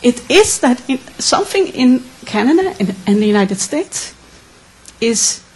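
Woman from the Netherlands, audience question, husky higher voice, earnest and emotional. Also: big pitch swings, measured pace, darkish tone, low-quality recording.

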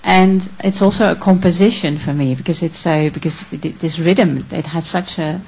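Husky, earnest woman from the Netherlands. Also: fairly low pitch, steady tone, a little mellow, poor audio. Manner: emotional, earnest, halting. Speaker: audience questioner. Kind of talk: emotional question from the floor.

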